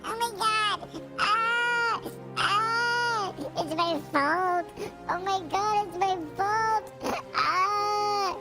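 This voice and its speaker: A man putting on a crying falsetto voice for a guilt-stricken young male game hero, wailing and sobbing. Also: extremely slow, music in the background, full character voice.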